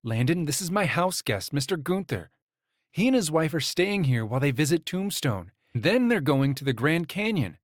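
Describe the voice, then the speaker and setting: A man's voice: on the high side, sing-song, normal speed, no echo, clean studio sound, voice pushed up. A man voicing a flustered young woman who speaks in a chirpy, placating way.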